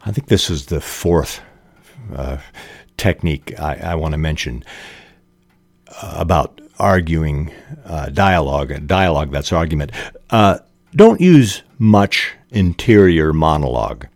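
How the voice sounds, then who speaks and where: A man hosting a podcast on fiction writing, explaining techniques deliberately with frequent fillers. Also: extremely low pitch, expressive, no room sound. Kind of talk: explanatory talk and reading aloud.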